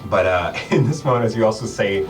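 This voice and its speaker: Male game master, halting narration, lively pitch, distant mic, music underneath. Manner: halting, full of ums and restarts, laughing.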